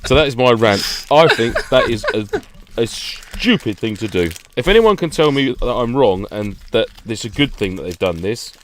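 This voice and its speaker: A man chatting on a podcast, venting in a good-humoured way and laughing through it. His voice sits at an everyday middle pitch. He keeps the tone loose and playful. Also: big pitch swings, moderate pace, slight background noise. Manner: jokey ranting, frequent laughter. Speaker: podcast co-host. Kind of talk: casual chat.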